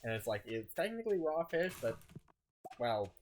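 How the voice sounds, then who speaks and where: A tired man chats loosely while he plays, drifting from thought to thought and tripping over his words. His voice sits at an ordinary middle pitch, with a faint hiss behind it. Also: big pitch swings, moderate pace, darkish tone. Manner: rambling, stumbles and restarts. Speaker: streamer. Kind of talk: casual gameplay commentary.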